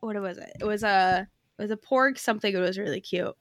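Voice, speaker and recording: A woman's voice: medium pitch, fairly quick, dry recording. A young woman co-hosting a podcast, telling stories in a bubbly, chatty way full of fillers. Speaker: podcast co-host. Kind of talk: casual chat.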